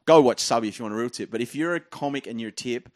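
A man with an Australian accent, a comedian telling stories with loud, animated delivery. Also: medium pitch, very fast, no echo, studio quality. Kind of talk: comedy podcast storytelling.

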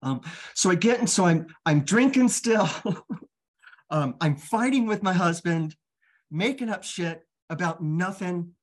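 A woman's voice: fairly low pitch, lively intonation, measured pace. A middle-aged woman telling her own life story candidly as a guest, frank and casual, swearing freely.

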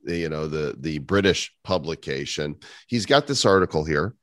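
A man's voice: low-pitched, moderate pace, dry recording, clean studio sound. A man co-hosting a podcast, chatting casually with wry jokes and reading aloud with asides. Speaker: podcast co-host. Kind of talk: casual chat.

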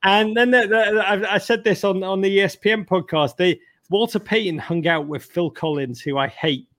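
A middle-aged man with an English accent, telling lively stories as a podcast guest, swearing freely and acting out other people's voices. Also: sits high, moderate pace. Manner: animated, swearing, acts out voices. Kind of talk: storytelling in conversation.

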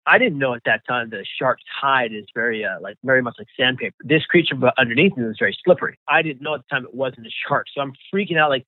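A man recounts his own survival story as an interview guest, often halting and repeating words. His voice comes through a thin, phone-like line. The sound is dry and close, with no room around it. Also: mid-range voice, lively intonation, no echo.

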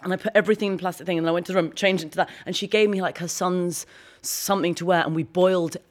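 A woman, a guest on an interview show, telling a long story quickly and with energy. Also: fairly low pitch. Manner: fast, animated storytelling with laughs. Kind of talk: casual interview chat.

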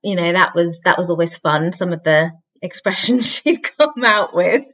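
A woman is the guest on a podcast and tells family stories in a reflective way. Her voice sits a little low, and she laughs often. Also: moderate pace, slight background noise, rough recording. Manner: reflective, warm storytelling with frequent laughter. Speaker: podcast guest, author and singer. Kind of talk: conversational interview.

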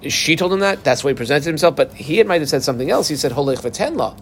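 A man teaching a Talmud class in a casual, animated way, acting out the voices of the people in the case. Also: on the high side, fast, a little hiss or hum. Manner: animated, acts out the parties in a dialogue.

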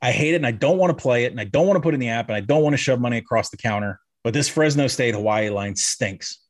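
A man co-hosting a sports betting podcast, rattling off statistics with wry asides. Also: mid-range voice. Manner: quick stats-heavy delivery, wry asides. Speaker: podcast co-host, betting analyst. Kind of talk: casual sports betting chat.

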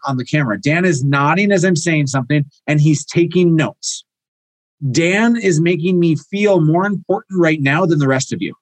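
A man in his thirties, a real estate coach teaching a live online class, energetic and storytelling. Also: a little high, dry recording, rough recording. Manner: energetic, storytelling, acts out quoted dialogue. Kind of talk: live online training talk.

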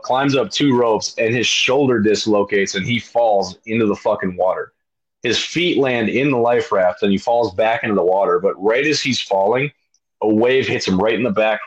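Low-voiced man swearing through a story. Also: highs cut off. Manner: profane, emphatic, acts out his own shouts. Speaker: podcast guest. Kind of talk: animated storytelling.

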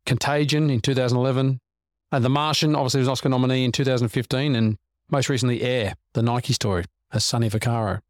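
A man's voice: medium pitch, fairly even intonation, quick pace, no echo, studio quality. A man, co-hosting a film podcast in casual chat and rattling off film facts. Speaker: podcast co-host.

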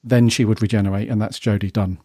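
A man's voice: lowish voice, steady tone, fast talker, warm tone, dry recording, studio quality. A man co-hosting a casual fan podcast, talking at length in a rambling, chatty way and turning to his co-host for his view.

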